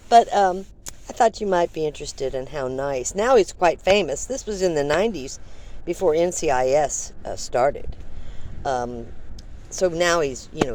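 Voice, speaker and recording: A woman's voice: sits low, darkish tone, slight background noise. An older woman vlogger telling a rambling, chatty story full of fillers. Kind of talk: casual storytelling.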